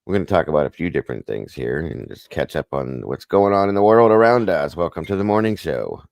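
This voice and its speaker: A man's voice: sits low, animated, fairly quick, gravelly, darkish tone, no echo. A man co-hosting a casual morning livestream, chatty and joking as he greets viewers by name. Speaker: livestream co-host.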